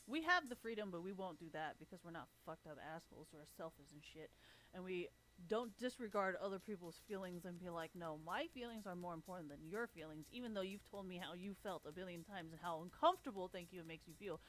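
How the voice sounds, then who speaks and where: A woman's voice: on the low side, fast talker, a bit bright, soft background music. A woman livestreamer delivering a blunt, sarcastic, heavily profane rant. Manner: blunt, sarcastic, swears constantly. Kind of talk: profane ranting monologue.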